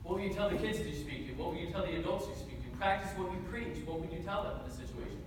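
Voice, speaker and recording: A man's voice: sits high, animated, fast. A man in his twenties giving a motivational speech to a live audience, telling a story with jokes and energy. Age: 20s. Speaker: motivational speaker. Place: large hall with live audience. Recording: echoey hall, mic from far off. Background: audience murmur and noise.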